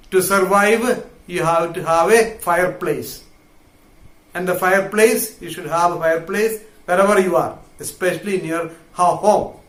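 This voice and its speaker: A man teaches a literature class, unpacking a play word by word. He speaks slowly and repeats phrases for his students. The room around him echoes noticeably. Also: high voice. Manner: explains each word slowly, repeating phrases, reads quoted lines louder. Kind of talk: classroom lecture explaining a play line by line.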